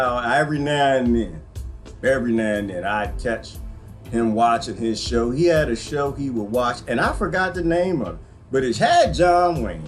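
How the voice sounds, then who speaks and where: A man from the Washington DC area who hosts a livestream and rambles through a morning monologue to his viewers. He swings from loud outbursts to low muttering and laughs often. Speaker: livestream host.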